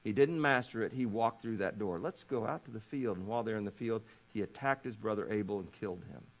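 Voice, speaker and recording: A man preaching a sermon, telling scripture quietly and then rising to loud, fervent appeals, often asking his listeners rhetorical questions. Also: fairly low pitch, a little fast. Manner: swings from hushed storytelling to shouting fervor; asks the congregation rhetorical questions. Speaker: pastor.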